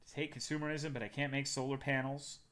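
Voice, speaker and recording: A man's voice: mid-range voice, level tone, quick pace, a bit bright. A young man from Texas, a livestreamer chatting casually with his viewers in a loose, profane and joking way.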